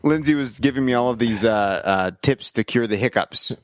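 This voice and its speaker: A man's voice: mid-range voice, moderate pace, dry recording, clean studio sound. A man hosting a podcast in casual chat, with the hiccups, rambling with lots of ums and uhs. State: has the hiccups. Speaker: podcast host.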